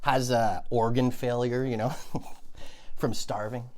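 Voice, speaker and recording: A man telling absurd comic stories on a podcast, cursing, laughing at his own jokes, and swinging between hushed muttering and shouting. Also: medium pitch, fairly even intonation, slow. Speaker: comedy podcaster. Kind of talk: absurd storytelling monologue.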